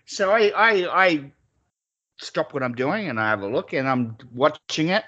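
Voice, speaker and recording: A man's voice: on the high side, measured pace, breathy edge, lo-fi sound. A man co-hosting a podcast, telling stories in crude, casual banter and swearing freely. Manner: swears a lot, animated storytelling with mock shouts. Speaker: podcast co-host.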